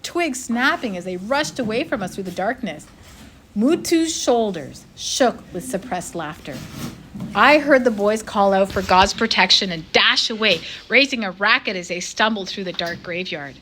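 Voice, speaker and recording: A woman, a teacher, reading a chapter of a novel aloud with expressive storytelling. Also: medium pitch, moderate pace, slight background noise.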